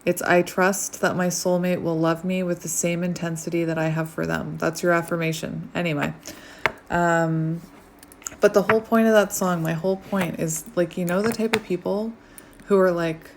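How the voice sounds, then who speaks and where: A woman giving a casual tarot reading, rambling and chatty with many fillers, sometimes dropping to a soft near-whisper. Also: lowish voice, fairly even intonation, normal speed, a little hiss or hum. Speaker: tarot reader. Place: home, outdoors light fading.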